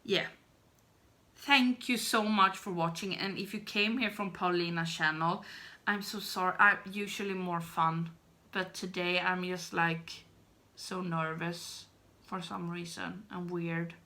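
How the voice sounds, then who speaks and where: A woman's voice: on the low side, fairly even intonation, measured pace, bright, forceful tone. A woman in her thirties, a beauty vlogger, chatting to camera in a rambling, self-deprecating, giggly way. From Sweden. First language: Swedish. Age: 30s. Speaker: beauty YouTuber. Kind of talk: casual chat to camera.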